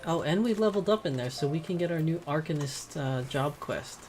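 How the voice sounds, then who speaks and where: A woman's voice: low voice, expressive, a little fast, darkish tone, faint music behind. A woman casually commenting aloud while playing a game, reacting as she goes. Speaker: gamer. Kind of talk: gameplay commentary.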